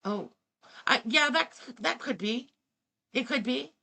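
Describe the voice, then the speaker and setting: A woman's voice: sits high, slow pace, gravelly, bright, forceful tone. A woman hosting reaction commentary, talking in an incredulous, sarcastic way and swearing freely. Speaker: commentary host.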